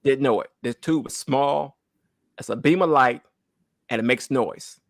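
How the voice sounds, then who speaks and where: A man's voice: mid-range voice, a little slow, gravelly, dry recording. A man in his thirties giving an emotional church testimony, earnest and close to tears, often asking "right?". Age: 30s. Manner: earnest, repeats phrases, asks "right?" often. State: holding back tears.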